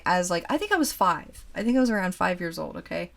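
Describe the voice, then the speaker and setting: A woman in her forties who collects dolls, telling a childhood story in a chatty, animated way while showing a doll to the camera. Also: lowish voice, fairly quick, gravelly, few pauses. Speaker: doll collector and channel host. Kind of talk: casual storytime chat.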